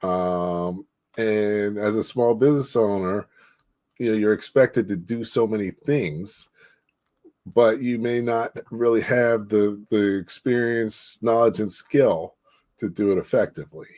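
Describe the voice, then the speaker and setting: A man hosting an interview, speaking in a measured, unhurried way as he sums up and moves on to the next point. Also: fairly low pitch, darkish tone. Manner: slow, measured, with fillers and restarts. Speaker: host. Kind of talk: interview host commentary.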